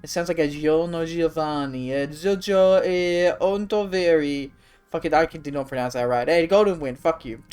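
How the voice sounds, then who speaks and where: A woman streamer in rambling, profane live commentary who swears constantly and gets loudly excited. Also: low-pitched, moderate pace, smooth, faint music behind. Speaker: livestreamer.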